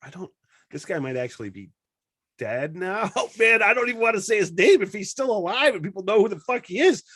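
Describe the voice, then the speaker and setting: Laid-back, swearing podcast host. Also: male voice, high voice, very animated, brisk, a bit bright, breathy edge, no echo, clean studio sound. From northern Michigan. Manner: profane, laid-back, rambling. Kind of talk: casual chat.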